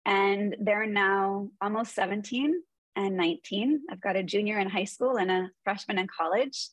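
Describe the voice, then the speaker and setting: A woman's voice: mid-range voice, normal speed, no echo, poor audio. A woman in her forties, a guest in an interview, telling earnest stories about parenting and mindfulness. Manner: earnest storytelling. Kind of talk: conversational interview.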